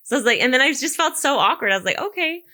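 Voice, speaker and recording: A young woman, co-hosting a casual podcast. She talks fast, in a bright, high voice that swings widely as she acts out the people in her stories. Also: lively intonation. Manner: storytelling, acts out quoted lines, laughs often. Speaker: podcast co-host. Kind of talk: casual chat.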